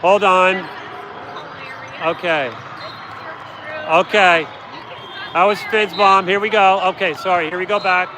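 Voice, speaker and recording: A man doing amateur play-by-play at a youth volleyball match, excitable and jokey, swinging between hype and frustration. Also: high voice, a little fast, hardly any pauses, crowd noise. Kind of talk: amateur sports commentary. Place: gym at a youth volleyball game. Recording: noisy gym recording.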